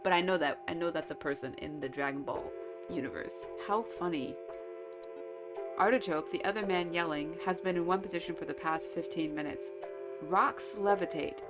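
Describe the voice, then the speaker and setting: A woman's voice: on the low side, moderate pace, over music. A woman streaming a visual novel, reading the game text aloud and chatting about it with lots of giggles. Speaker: let's-play streamer.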